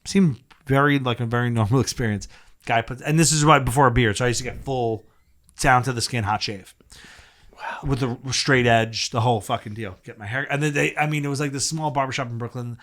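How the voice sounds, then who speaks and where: Chatting on a podcast, a male comedian guest tells a meandering, foul-mouthed anecdote full of laughs and false starts. He has a medium-pitched, fairly bright voice and a fairly quick pace.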